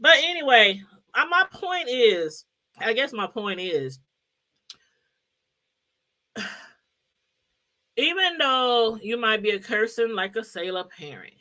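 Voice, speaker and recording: A middle-aged woman talking straight to her viewers in a loose commentary chat, with a lilt. Her voice sits high and sounds bright and forward. She rambles in a lively way, laughs easily and calls out to viewers by name. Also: takes it slowly, long pauses. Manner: animated, chatty, laughs often and greets viewers by name. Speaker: YouTube commentary host.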